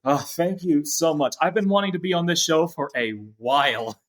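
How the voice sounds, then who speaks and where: A young man who is a voice actor and podcast guest, talking in casual chat with excited, playful jokes. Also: fairly high pitch, normal speed, slight background noise. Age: young adult.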